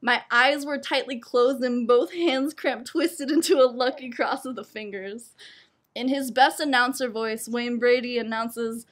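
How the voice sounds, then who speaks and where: Brief: young woman storyteller, fairly high voice, laughs through her lines, self-mocking and lively. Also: a little slow. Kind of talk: personal storytelling performance.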